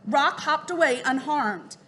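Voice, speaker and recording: A woman reading a children's story aloud in a clear, steady way, dropping her voice for the speech tags. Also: sits high, unhurried, slight background noise. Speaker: narrator.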